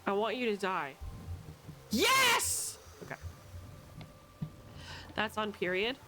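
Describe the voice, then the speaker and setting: A young adult woman streaming a video game with loud, playful, swearing commentary and frequent yells at the game. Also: medium pitch, unhurried, noisy background. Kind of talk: casual gameplay commentary.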